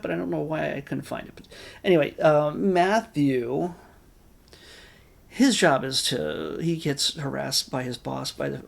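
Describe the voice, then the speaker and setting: A man's voice: mid-range voice, vocal fry. A man giving a casual, rambling spoken review of a film, with wry asides and many restarts. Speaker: movie reviewer.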